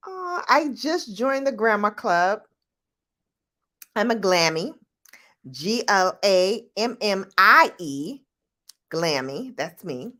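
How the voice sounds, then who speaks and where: Lively, low-voiced middle-aged woman vlogger. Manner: animated, laughing, jumps into high-pitched quoted voices. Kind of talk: casual chat answering viewer questions.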